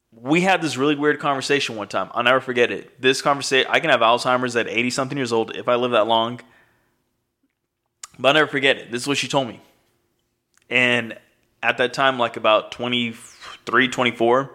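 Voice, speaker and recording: A man in his thirties tells a long, meandering story over casual chat, with plenty of swearing. He acts out the lines people said to him as he goes. His voice is bright and forceful. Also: mid-range voice. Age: 30s. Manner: profane, rambling, acts out quoted dialogue.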